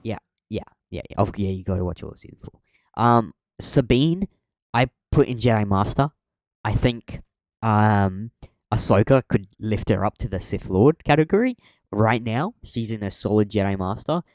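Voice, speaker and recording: A man's voice: fairly low pitch, lively intonation, normal speed, a little mellow, no room sound, studio quality. A young man co-hosting a podcast, chatting casually and rambling, with many ums and restarts. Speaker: podcast co-host.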